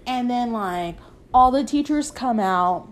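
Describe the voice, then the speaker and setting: A woman's voice: fairly high pitch, animated, slow pace. Slangy young woman telling a story. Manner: slangy, filler-heavy, acts out friends' lines. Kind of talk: casual storytelling.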